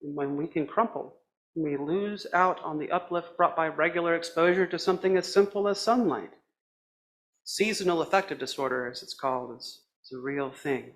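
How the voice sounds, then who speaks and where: A man preaching a sermon as a minister, with a measured, reflective delivery in short phrases. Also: on the high side.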